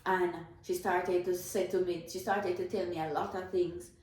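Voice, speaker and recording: This woman's voice is lowish and darkish, with a level tone and moderate pace. With a Jamaican accent, she delivers an earnest, emotional faith testimony full of repetitions, in a very echoey room.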